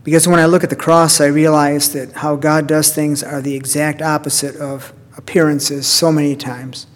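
A man preaching a sermon as pastor, earnest and measured, quieting down on prayer lines. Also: fairly high pitch, little pitch movement. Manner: earnest preaching, dropping to a hushed hold on prayers. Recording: long hall reverb.

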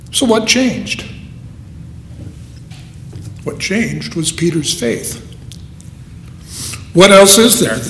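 A man preaching a sermon in an earnest, unhurried way, with dramatic pauses. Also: high-pitched, a little hiss or hum. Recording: echoey hall.

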